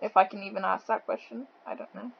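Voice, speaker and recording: A woman interviewing a guest over voice chat, blunt and quick to laugh, with a thick accent and a habit of swearing. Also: medium pitch, fairly even intonation, creaky, breathy edge, lo-fi sound. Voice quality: says she has a thick accent.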